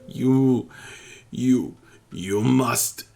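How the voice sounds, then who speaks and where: A man voicing a desperate, grieving village priest who speaks hoarsely, close to sobbing, and keeps repeating himself. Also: fairly high pitch, very animated, faint music behind, pitched above the performer's own voice, full character voice. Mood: desperate pleading. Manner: pleading, repeating himself, halting. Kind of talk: voicing a character in a tabletop game.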